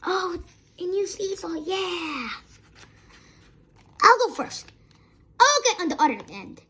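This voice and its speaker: A woman voicing a crowd of excited young children in a storybook reading, squealing and eager. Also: very high-pitched, normal speed, pitched above the performer's own voice, full character voice.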